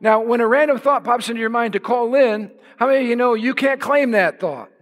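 A male pastor preaching a sermon with passion, building to shouts for emphasis. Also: very high voice, fairly quick. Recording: long hall reverb.

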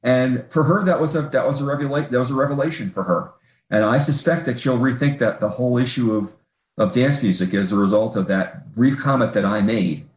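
A man's voice: medium pitch, a little fast. A man asking a question in a casual group conversation, thoughtful and rambling, with many restarts. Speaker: audience member asking a question. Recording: roomy echo.

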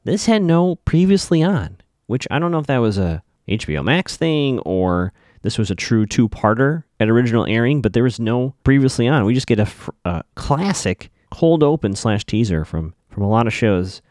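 Male podcast host, mid pitch, wry and chatty, dry close-miked sound. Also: sing-song, moderate pace, darkish tone, no room sound. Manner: chatty, wry, swears casually. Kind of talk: casual recap podcast.

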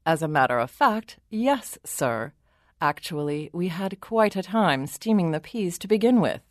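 A woman's voice: fairly low pitch, animated, unhurried, dry recording, studio quality. A woman voicing a palace servant who reports to the king in a polite, formal, matter-of-fact way. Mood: deferential.

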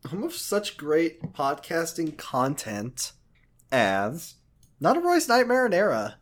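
A podcast co-host chatting casually, with profane mock rants and quick asides. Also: medium pitch, wildly swooping pitch.

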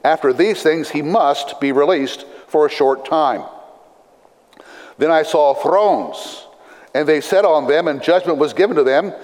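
Brief: male pastor, slightly higher voice, measured scripture reading, long hall reverb. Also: darkish tone. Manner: measured, deliberate reading with dry asides.

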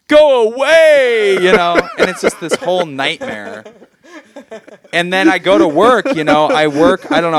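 Laughing man telling a wild story. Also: a little high. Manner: laughs while telling, swears freely. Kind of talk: casual storytelling among friends.

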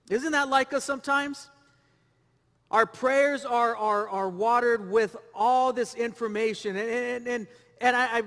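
Male pastor, bright ringing tone, repetitive sermon delivery in a reverberant hall. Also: very high voice. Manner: preaching with rhetorical questions and repetition.

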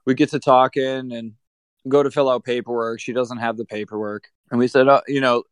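A man at an ordinary pitch recounts a run-in at his piercing studio in a blunt, swearing, animated way. The sound is dry and close, with no room around it. He talks like he is chatting across a table. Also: brisk, clean tone, dry recording. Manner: blunt, profane, animated anecdote-telling. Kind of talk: casual storytelling.

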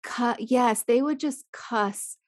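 A young woman chatting casually as a podcast co-host, animated, swearing freely and acting out the people she quotes. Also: on the high side, slow, no room sound, studio quality. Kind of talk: casual chat.

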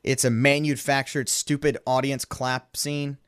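A man co-hosting a podcast in casual chat, animated and quick to act out movie lines. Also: mid-range voice, clear, resonant tone. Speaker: podcast co-host.

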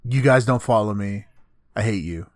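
A man's voice: lowish voice, moderate pace, no room sound, clean studio sound. A man co-hosting a casual podcast chat, recapping anime episodes in a loose, profane way. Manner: loose, profane, acts out characters in a flat voice. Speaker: podcast co-host.

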